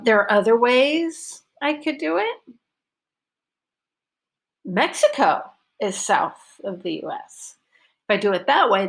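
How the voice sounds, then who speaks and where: A woman teaching a pronunciation lesson, modelling sentences and stressing focus words deliberately. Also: medium pitch, vocal fry. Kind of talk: recorded online lesson.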